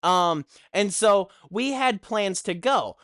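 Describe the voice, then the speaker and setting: Young male vlogger, crisp clear voice, unhurried, cursing, fed-up storyteller. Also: high voice, dry recording, studio quality. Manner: animated, swears constantly, exasperated. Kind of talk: profane ranting storytime.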